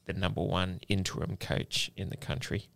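A man's voice: sits low, level tone, normal speed, gravelly, a bit bright, no room sound. An Australian man co-hosting a casual podcast, confident and matter-of-fact with a teasing streak. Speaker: podcast co-host. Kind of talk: casual sports tipping chat.

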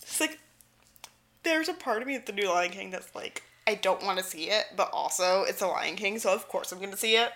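A woman's voice: medium pitch, animated, a little fast, fairly bright tone. A woman co-hosting a podcast, chatting playfully, giggling and acting out quotes while recapping a show. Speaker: podcast co-host. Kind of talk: casual chat recapping a show.

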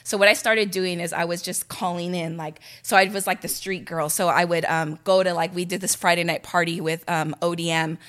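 A bright, forward-sounding young woman from Los Angeles, talking fast and loose in a casual chat. Her storytelling is animated and chatty, and she peppers every sentence with "like" as she slips in and out of quoted dialogue. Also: on the low side. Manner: animated, chatty, heavy use of "like". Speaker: radio personality, guest.

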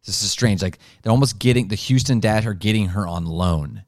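A low-pitched man co-hosting a loose sports chat, talking in a rambling way with plenty of "like" and "um". His voice sits close and dry, with no room sound around it. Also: fairly quick, dry recording. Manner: rambling, full of "like" and "um". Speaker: podcast co-host.

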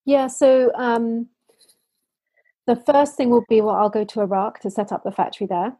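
A woman shares stories in an earnest, heartfelt way. Her voice sits fairly high, with a mellow, husky tone. The sound is dry and close. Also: normal speed, no room sound, poor audio. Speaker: social entrepreneur guest. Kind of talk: interview storytelling.

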